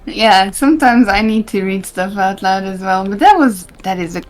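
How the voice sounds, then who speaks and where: A woman's voice: medium pitch, expressive, normal speed. A woman co-hosting a live stream in casual chat who laughs along. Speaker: stream co-host.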